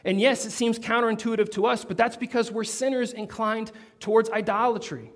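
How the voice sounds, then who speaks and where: A man preaching a sermon, telling a story with animated, building emphasis. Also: high voice, fairly quick. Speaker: pastor.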